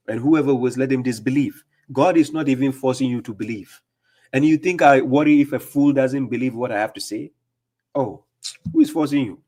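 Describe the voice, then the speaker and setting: A Ghanaian man with a mid-range, darkish voice hosts a live religious Q&A stream. He reads viewer comments aloud and fires back quick retorts, using many fillers.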